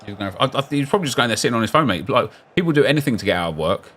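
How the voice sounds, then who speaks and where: A man's voice: mid-range voice, lively intonation, racing, fairly bright tone, slight background noise. A man in his thirties, chatting casually on a live stream and telling rambling stories to his viewers. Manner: rambling storytelling, laid-back.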